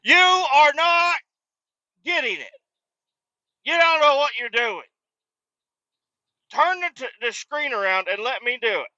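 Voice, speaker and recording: A man putting on his angry father, who shouts profanities at a fast-food cashier. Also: very high voice, lively intonation, no room sound, dull audio, pitched above the performer's own voice, heavily acted. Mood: yelling, exasperated. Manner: screaming, profane, exasperated. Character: furious middle-aged dad yelling at a fast-food cashier.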